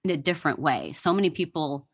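A woman's voice: sits low, lively intonation, fast, slightly rough. A woman guest on a podcast, telling history stories with enthusiasm and laughing often. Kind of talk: casual interview chat.

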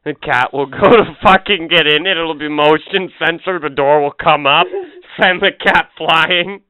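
A man co-hosting a podcast with a bright, forceful voice and a crisp, clean tone. He jokes and swears freely as he tells his stories. The sound is dry and close, with no room echo. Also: fairly high pitch, measured pace, lo-fi sound. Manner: profane, jokey storyteller. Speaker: podcast co-host. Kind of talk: casual crude banter.

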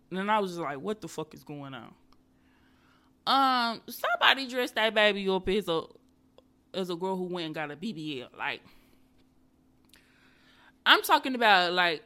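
Animated, bright-voiced woman podcast host ranting. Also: mid-range voice. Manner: talks straight to viewers and listeners. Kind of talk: casual comedic monologue.

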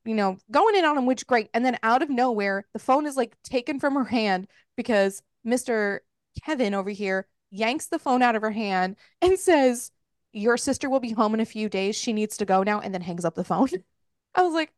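Recapping a book for her podcast, this co-host keeps things chatty and casual, swearing freely and laughing as she goes. Her voice is a little high, recorded without room sound at studio quality.

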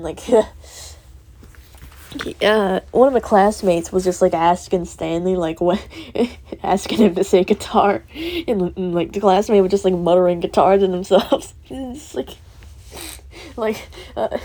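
A teenage girl venting in a rambling, laugh-filled way, with many fillers and curse words, dropping to a soft whisper at times. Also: medium pitch. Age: teens. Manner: rambling, full of fillers and swearing, laughing often. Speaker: student vlogger. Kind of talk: rambling personal vent.

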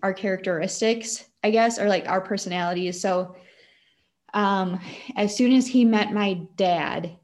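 A woman's voice: medium pitch, a little slow, darkish tone. Young woman, Wisconsin accent, chatty, giggly, filler-heavy casual storytelling. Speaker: guest.

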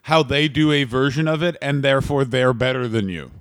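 A Canadian man, a stand-up comedian co-hosting a casual comedy podcast, talking fast and profanely. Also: mid-range voice, fairly bright tone. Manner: fast, profane, riffing into silly voices.

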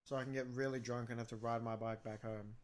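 A man's voice: medium pitch, flat delivery, quick pace. A young Australian man co-hosting a podcast, chatting casually, joking and swearing freely. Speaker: podcast co-host. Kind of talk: casual chat.

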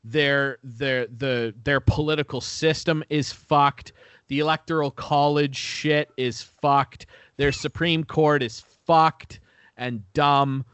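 A man's voice: fairly high pitch, fairly even intonation, slow, a bit bright, clean tone, dry recording. A man in casual podcast chat, ranting with constant swearing and frequent laughs. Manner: profane, ranting, laughs often.

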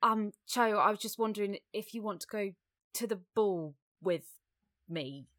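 A woman's voice: mid-range voice, measured pace, a bit bright, pitched above the performer's own voice, natural voice. A woman imitating an awkward teenage boy wizard asking a girl to a ball, hesitant and shy.

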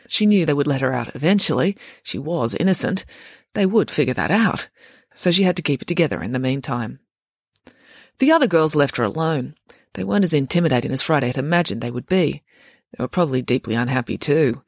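An audiobook narrator, reading a story in an expressive, wry way. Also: mid-range voice, a little fast, husky, dry recording, clean studio sound.

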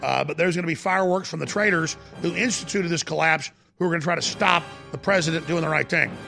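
A male talk-radio host rants fervently, stumbling and repeating words. His voice is heavily gravelly and a touch high, with faint music beneath. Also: quick pace, sharp tone. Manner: fervent, ranting, repeats himself.

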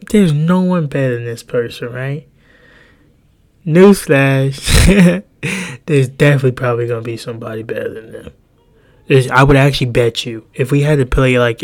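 Rambling, profane podcast host, a man. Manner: profane, rambling, jumps between pitches. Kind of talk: casual podcast rant.

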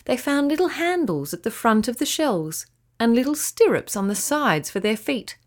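A woman narrating a children's bedtime story in a gentle, expressive way. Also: mid-range voice.

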